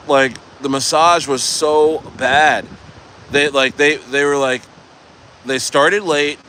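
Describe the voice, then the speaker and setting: A man rambles through a vacation story, tossing in "bro" and casual swearing as he restarts his sentences. His voice is bright and forward at a middling pitch. A faint hum sits under the recording. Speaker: crypto vlogger. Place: vacation condo.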